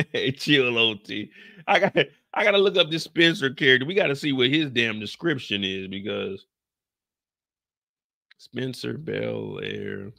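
A young man from the Bay Area hosting a casual TV recap, talking in an animated, profane way. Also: medium pitch, normal speed. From San Francisco Bay Area. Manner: animated, profane, acts out scenes with shouted put-on lines. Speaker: recap show host.

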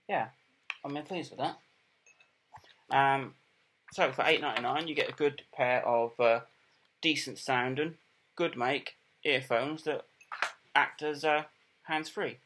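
A middle-aged man giving a casual product review, plain and unhurried, with many ums and repeated words. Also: mid-range voice, fairly bright tone, a little hiss or hum. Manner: plain, unhurried and matter-of-fact.

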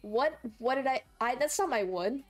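A woman's voice: high voice, lively intonation, normal speed. A young woman streaming a game live, chatting playfully and laughing a lot while viewers trolls her. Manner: playful, laughs often, squeals when chat trolls her. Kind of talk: live gameplay commentary.

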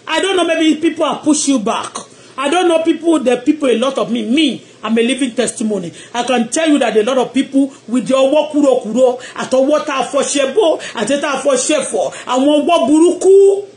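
A woman's voice: high voice, a little fast, darkish tone. A Nigerian woman with a Yoruba accent leads a fervent live-stream prayer, chanting and repeating phrases and switching between English and Yoruba. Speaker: online blogger leading prayer.

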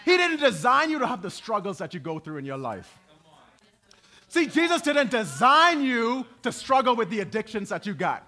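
Animated, bright-voiced male preacher. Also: normal speed. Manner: swings between loud preaching and quiet, low asides. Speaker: pastor. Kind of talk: sermon. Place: church.

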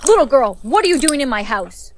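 A synthetic woman's voice narrating a story, reading every character's lines in the same even computer voice. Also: high voice, a little fast, a little hiss or hum. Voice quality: synthetic, evenly paced computer voice. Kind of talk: text-to-speech story narration.

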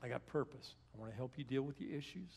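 A man's voice: medium pitch, lively intonation, fast, a little mellow, breathy edge. A man giving a conversational sermon as a guest speaker in a church, retelling scripture in plain everyday speech.

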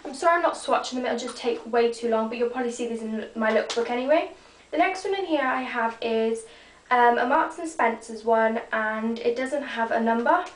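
Bubbly high-voiced teen girl. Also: normal speed, distant mic, slight background noise. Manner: chatty, rambling, bubbly. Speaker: beauty vlogger. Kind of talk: casual makeup show-and-tell. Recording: echoey room, voice off-mic.

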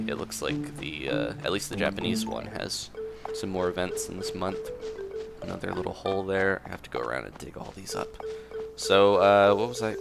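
A man giving relaxed, rambling commentary while playing a cozy video game, often restarting his sentences. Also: low voice, vocal fry. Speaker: gameplay commentator. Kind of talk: casual let's-play commentary. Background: game music.

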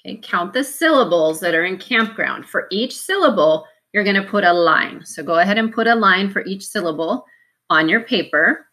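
A woman teacher giving a spelling lesson to young students, slow and patient, sounding out each syllable and letter. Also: mid-range voice, expressive, pushed and bright.

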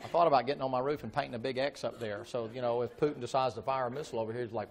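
A man's voice: medium pitch, steady tone, racing, few pauses. A pastor preaching a sermon in church, joking and asking his congregation rhetorical questions.

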